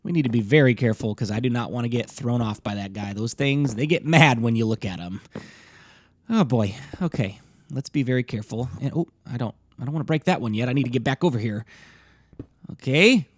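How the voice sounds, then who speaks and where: A young man hosting a Let's Play, narrating his own gameplay in a chatty, casual way, with a slightly rough morning voice. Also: medium pitch, a little fast, dry recording, clean studio sound.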